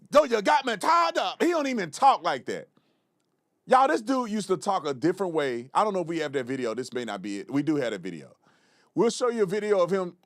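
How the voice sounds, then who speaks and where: A man's voice: fairly high pitch, no room sound, clean studio sound. A man hosting a live political commentary show, blunt and mocking in his remarks. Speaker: show host.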